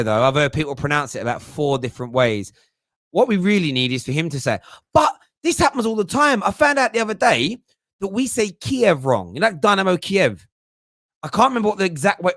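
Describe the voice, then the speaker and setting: Male host, casual phone-in, self-mocking, slightly high voice, dry close sound. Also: fairly bright tone, dry recording. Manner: chatty, self-mocking, thinks aloud. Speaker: host of a fan phone-in show. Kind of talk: casual live-stream chat.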